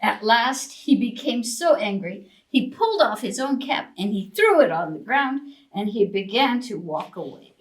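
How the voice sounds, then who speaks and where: Slow sing-song woman reading to preschoolers. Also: fairly high pitch, slight background noise, low-quality recording. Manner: slow, sing-song, expressive, asks children questions. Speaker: children's librarian.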